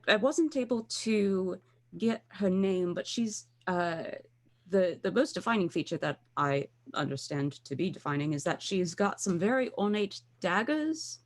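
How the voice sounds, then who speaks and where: A woman playing a tabletop game, speaking in character politely and tentatively. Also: mid-range voice. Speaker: player.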